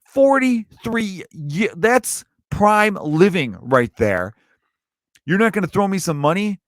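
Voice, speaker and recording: A man from Chicago, a stand-up comedian and podcaster, ranting with profanity, swinging between loud outbursts and low mutters. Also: sing-song, slow pace, dry recording, studio quality. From Chicago, USA. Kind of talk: comedic rant.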